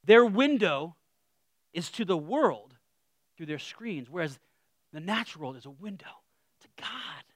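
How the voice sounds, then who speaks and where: A man preaching a casual, humorous sermon, animated, with self-deprecating asides that trail off quietly. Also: sits high, measured pace, long pauses, no room sound, studio quality.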